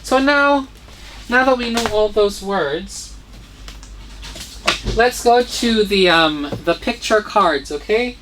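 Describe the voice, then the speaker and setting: A woman at a middle pitch leads a children's phonics lesson, spelling every word out letter by letter. She keeps checking in with "okay?" and "right?" as she goes. A faint hiss sits under the recording. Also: slow pace, pauses often, a bit bright. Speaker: English teacher.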